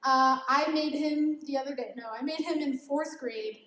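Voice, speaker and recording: Recorded in an echoey room, this informal youth devotional comes from a young woman who giggles, pokes fun at herself and laughs frequently. She speaks at normal speed in a high, fairly bright voice.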